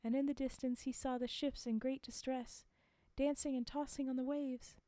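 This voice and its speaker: This storyteller streamer reads a fairy tale live, often breaking off to laugh and chat with viewers. Though her voice is fairly high, it's soft and mellow, with a flat delivery. The recording is close-miked and dry, without room echo.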